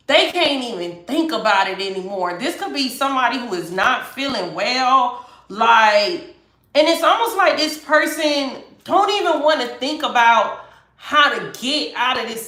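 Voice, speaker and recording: High, lively woman reading tarot. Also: echoey room. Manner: loose and conversational, heavy on "like". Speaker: tarot card reader. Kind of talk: casual tarot reading to camera.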